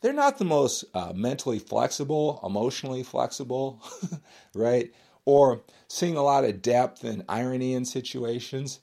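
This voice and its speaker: A man's voice: mid-range voice, very animated, normal speed, vocal fry, warm tone. A man, an author and former bodybuilder, talking in a rambling casual monologue with many fillers and restarts.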